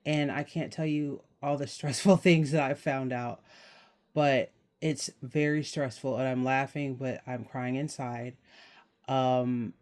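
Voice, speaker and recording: Young adult man, vlog host, casual rambling chat, mid-pitched, laughs now and then. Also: steady tone, takes it slowly, a little mellow. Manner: rambling, chatty, laughs while talking. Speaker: channel host.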